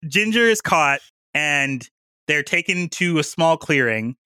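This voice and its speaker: A man casually recapping a book plot in a rambling way, slipping into quick voices for the characters. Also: a little high, lively intonation, bright, forceful tone, clean tone, dry recording. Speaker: podcast co-host recapping a book. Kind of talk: casual chat.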